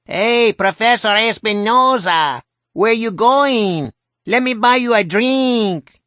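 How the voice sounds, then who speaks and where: A man voicing a boisterous bar patron in an old film with an exaggerated Mexican accent, calling out loudly. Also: takes it slowly, no echo, studio quality, full character voice. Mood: jovial. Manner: loud, high, hailing a friend.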